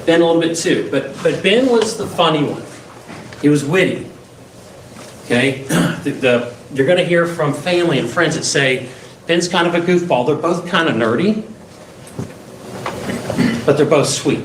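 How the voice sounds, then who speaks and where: A slightly high-voiced defense attorney makes his opening statement to the jury at normal speed with lively intonation and long pauses, emphatic and full of rhetorical questions. It's recorded in an echoey courtroom through a distant mic with faint hiss.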